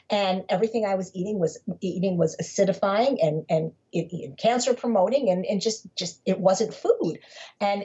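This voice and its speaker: A woman talks as a guest on an interview podcast, her voice deeply husky and breathy with a mellow, dark warmth. She speaks emphatically and circles back on words as she drives a point home. The audio is dull and lo-fi. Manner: emphatic, repeats words when building a point. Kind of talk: conversational interview storytelling.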